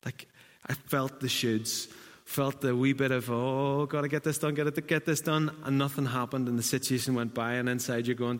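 Male preacher, mid-pitched, anecdotal and relaxed, long hall reverb. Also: normal speed. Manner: conversational storytelling, self-deprecating asides. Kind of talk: sermon.

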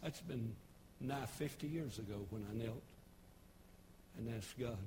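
A pastor in his sixties with a Tennessee Southern accent, preaching a folksy, humorous sermon with homespun storytelling and sudden shouted bursts. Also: medium pitch, measured pace, background noise. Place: church service broadcast on television.

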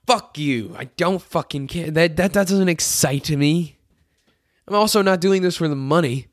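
A hoarse young man hosting a solo podcast from his bedroom, ranting in a frustrated, profane way and mocking others in put-on voices. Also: fairly high pitch, normal speed, dry recording, studio quality. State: sick and tired, hoarse.

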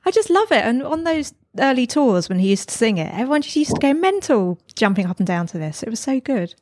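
A woman's voice: a little high, big pitch swings, a little fast, darkish tone, no room sound, studio quality. A woman co-hosting a casual podcast chat, enthusiastic and gushing, laughing often. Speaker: podcast co-host.

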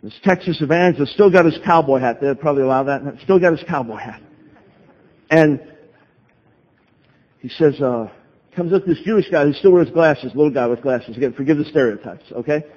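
High-voiced man preaching urgently. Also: a little mellow. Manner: urgent, emphatic preaching with dramatic pauses. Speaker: guest preacher. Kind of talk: sermon. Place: large church in Texas. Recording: dull sound with long hall reverb.

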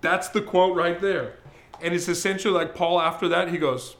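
A man preaching a sermon as pastor, in a conversational, emphatic way, slowing to read scripture. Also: high voice, fairly even intonation, a bit bright. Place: church service, streamed.

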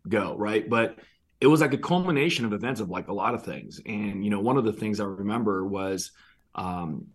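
A man who runs an insurance agency chats as a guest in a casual interview, telling stories animatedly and acting out quoted lines. His voice is lowish with a breathy edge, and he speaks at a moderate pace.

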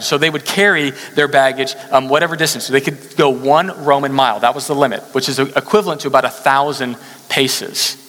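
Bright-voiced man preaching in reverberant hall. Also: a little high, fairly quick. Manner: conversational, animated storytelling with asides. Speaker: pastor. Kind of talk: sermon.

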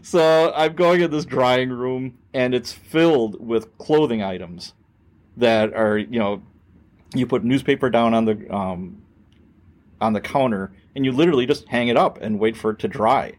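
Man telling a lively cop story. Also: medium pitch, normal speed. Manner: animated storyteller who acts out quoted voices and swears. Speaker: podcast host, former police officer. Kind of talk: casual storytelling chat.

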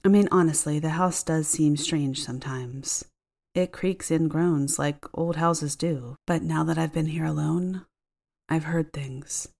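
A woman voicing a sick, sleepy homeowner who is uneasy and lonely, speaking softly and hesitantly. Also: deep voice, fairly even intonation, unhurried, gravelly, full character voice. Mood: uneasy, hushed. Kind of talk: audiobook character voice.

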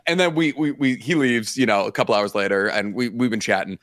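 A young adult man co-hosting a podcast, telling an animated story in casual chat with frequent restarts. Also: mid-range voice, brisk, no room sound, studio quality. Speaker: podcast co-host.

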